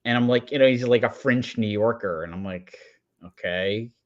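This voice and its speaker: A man's voice: medium pitch, a little fast, dull audio. A man talking films in a casual chat, rambling with many asides. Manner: rambling, lots of fillers and asides. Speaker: podcast guest. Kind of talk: casual film review chat.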